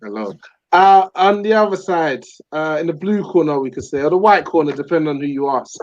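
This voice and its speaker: Casual male podcast host, slightly high voice, dull lo-fi dry sound, friendly banter. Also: fairly quick. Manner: relaxed, jokey, calls guests brother and man. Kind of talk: casual live podcast hosting.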